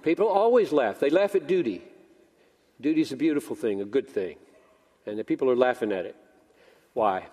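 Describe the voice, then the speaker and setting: A man's voice: mid-range voice, animated, moderate pace, long pauses, mellow, slightly rough, in a large hall. An older man preaching a sermon as pastor, telling a story animatedly and acting out both sides of the dialogue. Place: church sanctuary.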